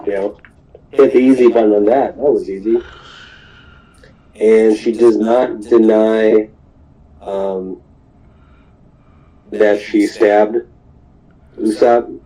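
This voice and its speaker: Brief: low-voiced man, unhurried, loose rambling recap of an episode. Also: fairly even intonation, mellow, rough recording. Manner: rambling, many ums and restarts. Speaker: podcast host. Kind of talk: casual recap of a cartoon episode.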